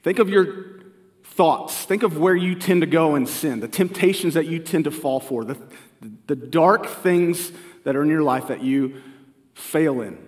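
A man's voice: on the high side, a little slow, a little mellow. A man of forty preaching a sermon as family pastor, earnest and conversational, asking the congregation questions. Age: 40s. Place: church sanctuary. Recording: live church recording with long hall reverb.

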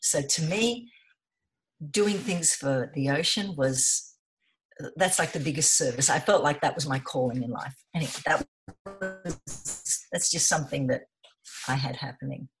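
A woman's voice: low-pitched, unhurried, faint music behind. A middle-aged woman speaking as an interview guest, telling her story in an earnest, passionate way. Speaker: interview guest, environmental volunteer. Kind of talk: conversational interview.

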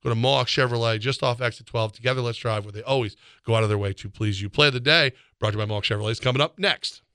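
A man co-hosting a sports radio show, telling rambling stories and reading ads with excitable energy. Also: medium pitch, racing, clean tone, no room sound, clean studio sound. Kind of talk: sports talk and live-read ad.

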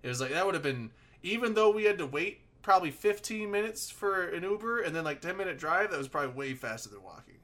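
Man, casual podcast chat, animated storyteller, very expressive pitch. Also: fast talker, hardly any pauses. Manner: animated storytelling, swears freely.

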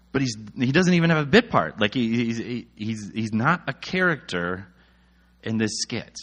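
A young male preacher retells a scripture story in loose, slangy speech. His husky voice jumps up and down all the time, and he slips into the voices of the people in the story. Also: on the low side. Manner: animated, slangy, acts out quoted voices. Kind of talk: casual retelling of a Bible story.

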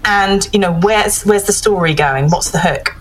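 A woman giving measured feedback on a piece of writing in a casual panel discussion. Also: mid-range voice, a little hiss or hum, poor audio. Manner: thoughtful, measured critique with many fillers.

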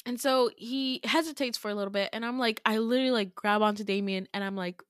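A woman hosting a podcast, casually retelling a dream in an animated way, full of fillers and swearing as she acts out the dialogue. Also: a little high, fast talker, smooth, no echo, studio quality. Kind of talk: casual storytelling.

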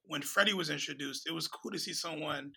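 A man's voice: fairly high pitch, brisk, gravelly, pushed and bright, husky, poor audio. A man in casual chat, enthusiastic and repeating words as he talks.

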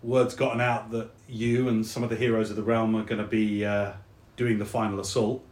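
Game master doing a gruff, warm South London soldier, quiet, roomy sound. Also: male voice, on the low side, flat delivery, fairly quick, close to an everyday voice. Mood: earnest. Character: soldier friend, man, gruff and warm-hearted.

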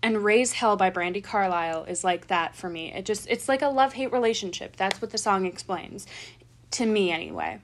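A woman's voice: mid-range voice, fairly quick, slight background noise. Chatty young woman telling a story. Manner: excited storytelling, swearing, laughing. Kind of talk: casual chat.

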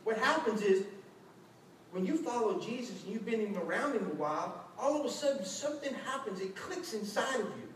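A man preaching a lively sermon as a pastor, acting out quotes with shouts and laughter. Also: sits high, fairly quick. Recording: echoey hall, distant mic, faint noise.

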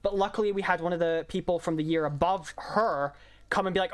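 A woman's voice: sits low, quick pace. Chatty young woman rambling casually. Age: young adult. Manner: chatty, rambling, lots of fillers. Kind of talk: casual chat.

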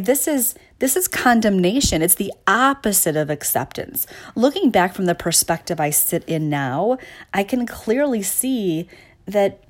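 A woman giving a reflective, conversational talk on emotional awareness, often checking in with "right?", restarting her words and laughing softly. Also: mid-range voice.

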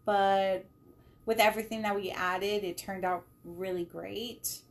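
A woman's voice: medium pitch, steady tone, unhurried. A woman in her thirties chatting casually about home cooking, laughing often and swearing now and then. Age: 30s. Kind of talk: casual chat.

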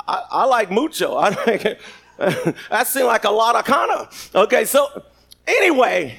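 A man's voice: sits high, big pitch swings, normal speed, vocal fry, a bit bright, breathy edge. A man preaching a sermon, reading scripture and joking with the congregation. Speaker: pastor. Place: church sanctuary.

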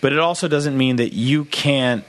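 A man co-hosting a casual comedy podcast. He rambles through his stories, full of restarts, and jumps into quoted voices as he goes. His pitch sits in the middle range for a man. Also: moderate pace, fairly bright tone. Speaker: podcast co-host.

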